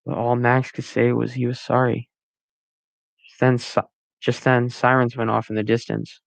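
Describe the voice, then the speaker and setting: A man reading his own story aloud, halting now and then with restarts and corrections. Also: medium pitch, completely flat delivery, vocal fry, no echo. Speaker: amateur story reader.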